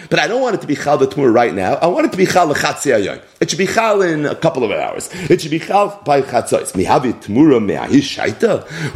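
A man giving a Talmud lecture, posing questions and answering them himself in an animated way. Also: a little high. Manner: animated, asks and answers his own questions. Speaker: Talmud teacher.

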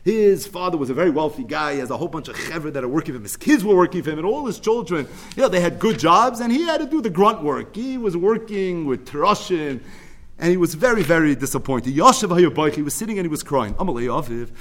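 Animated man teaching a Torah class. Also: fairly high pitch, quick pace. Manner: animated storyteller, swings between loud emphatic bursts and quiet asides; mixes Hebrew and Yiddish terms into English. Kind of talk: Torah class retelling a midrash.

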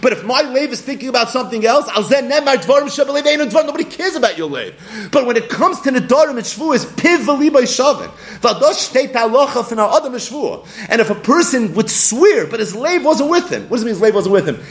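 In a brisk, very high voice, a man with a Yeshiva English accent teaches a Talmud class. He is animated, acting out little scenes in different voices.

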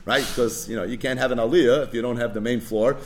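A man's voice: mid-range voice, fairly even intonation, fast. A man teaching a daily Talmud page lesson, explaining in English mixed with Hebrew and Aramaic terms and asking and answering his own questions.

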